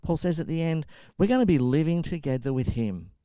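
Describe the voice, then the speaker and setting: A man's voice: a little high, fairly quick, clean tone, dry recording, studio quality. A middle-aged man preaching a sermon in a conversational way, telling stories and acting out quotes. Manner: conversational, animated storytelling with acted-out quotes. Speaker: pastor.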